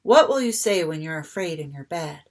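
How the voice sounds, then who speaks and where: A woman reading the lines of a gentle, reassuring father in a children's story. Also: low voice, normal speed. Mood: comforting. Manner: calm, comforting.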